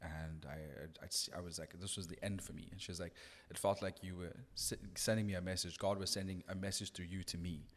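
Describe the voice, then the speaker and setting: An earnest man recounts a story at a thoughtful pace. His voice sits low, and the room leaves a long reverb trail behind each phrase. He restarts his sentences often as he reflects. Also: level tone, brisk, hardly any pauses. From South Africa. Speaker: radio DJ guest. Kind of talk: casual podcast conversation.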